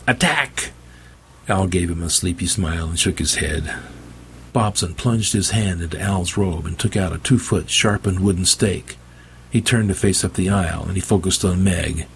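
A man's voice: sits low, gravelly, a little hiss or hum. A man narrating an audiobook in a dry, wry storytelling manner. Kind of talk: scripted narration.

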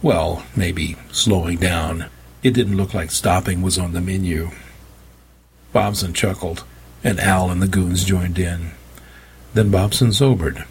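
A man narrating a story in the first person with a wry, deadpan delivery and a husky voice. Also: deep voice, a little slow, slight background noise. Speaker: audiobook narrator.

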